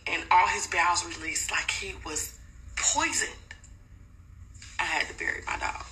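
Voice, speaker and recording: A mother telling a personal story in a casual, animated and blunt way, swearing freely. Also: medium pitch, a little hiss or hum, poor audio.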